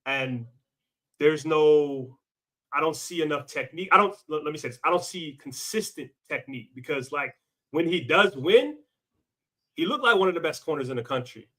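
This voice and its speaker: A man's voice: fairly high pitch, animated, normal speed, fairly bright tone. A man co-hosting a football podcast, talking casually and emphatically, often repeating himself. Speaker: podcast co-host. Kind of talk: casual football scouting talk.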